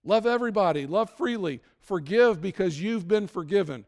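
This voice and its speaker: A man preaching a sermon as pastor, building from calm teaching to loud, emphatic peaks. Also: sits high, moderate pace, in a large hall.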